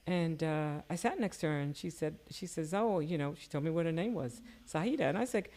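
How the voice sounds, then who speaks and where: An older woman telling personal stories in casual conversation, her voice jumping up whenever she quotes someone. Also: fairly quick. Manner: animated, jumps high when quoting people. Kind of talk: casual storytelling.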